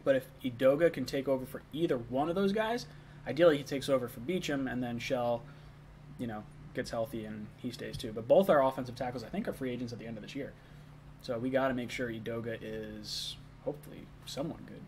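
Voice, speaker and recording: A man's voice: mid-range voice, fairly quick, darkish tone, slight background noise. A young man hosting a casual live stream, chatting loosely, reading chat messages and talking while eating.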